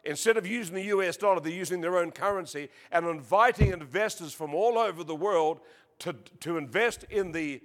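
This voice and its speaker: An Australian man preaching a sermon, joking with the congregation and crying out praises, reading scripture slowly and with emphasis. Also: high-pitched. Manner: jokey, peppered with exclamations of praise. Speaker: visiting preacher.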